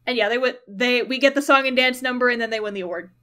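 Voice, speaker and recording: A woman co-hosts a casual anime podcast, retelling an episode and slipping into quick character impressions. Her voice sits a little higher than most women's. She keeps the talk loose and chatty. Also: a bit bright. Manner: chatty, acts out characters' lines in quotes. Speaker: podcast co-host. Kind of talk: casual anime recap chat.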